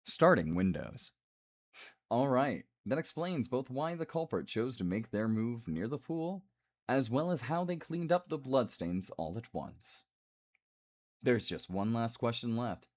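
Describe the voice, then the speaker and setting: A man streaming a game, reading the dialogue aloud and breaking off for quick asides. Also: mid-range voice, big pitch swings. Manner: reads the game's lines aloud with asides.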